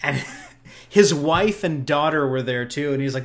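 With a fairly high voice and lively intonation at normal speed, a male podcast host chats loosely about a convention he attended, chuckling and frequently restarting what he's saying.

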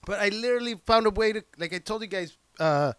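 A young podcast host and stand-up comic talks fast into a handheld mic plugged into his computer, swearing freely and rambling with excitement and plenty of restarts. His high voice sounds smooth and resonant, and the recording is dry and close with no echo or room sound.

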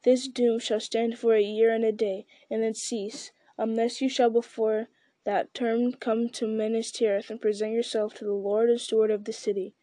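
A woman voicing a stern, just male captain who speaks in a measured, formal way. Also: on the high side, dark tone, dry recording, lightly acted.

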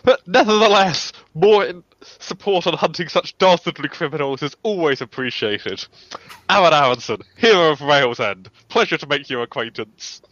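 A man's voice: a little high, animated, moderate pace, fairly bright tone, dry recording, lo-fi sound. A man playing a tabletop role-playing game, speaking genially and formally in character. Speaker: player.

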